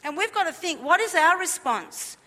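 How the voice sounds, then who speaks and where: A woman's voice: very high-pitched, animated, normal speed, pushed and bright, long reverb tail. A woman preaching a sermon at a church service, emphatic and repetitive, with many rhetorical questions.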